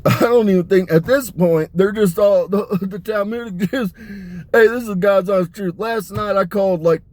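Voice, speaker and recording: A man's voice: high-pitched, normal speed, a little mellow, no echo. A man giving a rambling, profane monologue, swearing constantly and breaking into laughter as he talks. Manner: crude, swearing, laughing often.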